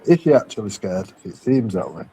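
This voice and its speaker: A man's voice: on the low side, sing-song, brisk, warm tone, breathy edge, rough recording. Laid-back man, swearing casually. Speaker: panel guest. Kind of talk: casual live-stream chat.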